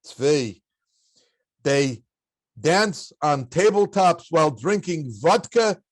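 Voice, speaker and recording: A man doing a gruff old Polish father. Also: fairly high pitch, lively intonation, slow pace, no room sound, clean studio sound, voice pushed up. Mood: stern. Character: gruff older Polish Jewish father, stern.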